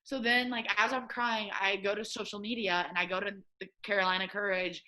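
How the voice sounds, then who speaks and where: A young woman with a Midwestern accent, a podcast guest telling a lively story and acting out what people said. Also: a little fast. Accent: American Midwest. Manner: animated storyteller, acts out quotes with high excited pitch. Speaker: guest, assistant soccer coach. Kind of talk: casual storytelling interview.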